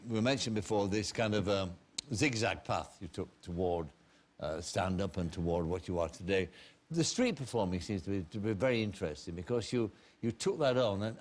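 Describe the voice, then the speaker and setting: A man hosting a talk show, asking long questions with halting restarts and repeated words. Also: on the low side. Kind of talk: interviewing.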